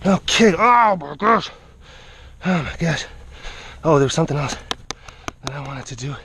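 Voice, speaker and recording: His voice leans high and his pace is moderate, with noise in the background. The man is a big-cat vlogger, winded as he narrates casually outdoors, urging the animals along and chattering at them between remarks.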